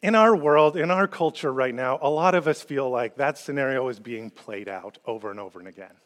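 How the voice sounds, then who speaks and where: A middle-aged man preaching a sermon, telling a personal story in an animated, joking way. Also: mid-range voice, a little fast. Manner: storytelling, animated and jokey, rising when quoting. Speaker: pastor.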